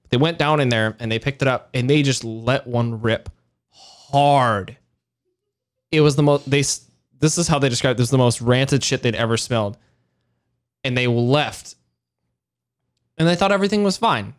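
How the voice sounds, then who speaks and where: A man co-hosting a podcast in casual chat, telling stories animatedly, laughing often and swearing freely. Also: mid-range voice. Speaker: podcast co-host.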